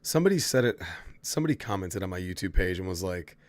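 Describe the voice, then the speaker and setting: A man's voice: low-pitched, lively intonation, quick pace, no room sound. A man casually chatting to his viewers while playing a horror game, swearing freely and answering chat. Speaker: streamer. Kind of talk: casual gameplay commentary.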